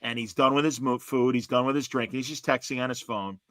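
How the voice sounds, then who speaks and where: An older man from the area, hosting a podcast and spinning stories with lively energy. His voice is bright and forceful, and the sound is dry and close. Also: medium pitch, quick pace, dry recording. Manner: animated storyteller, mimics people in quotes. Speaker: podcast host. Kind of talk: casual storytelling chat.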